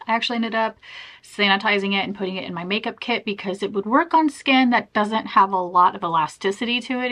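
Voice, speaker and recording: A woman's voice: a little high, a bit bright. A young woman vlogging to camera in a chatty, self-deprecating way, laughing often. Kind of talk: casual chat to camera.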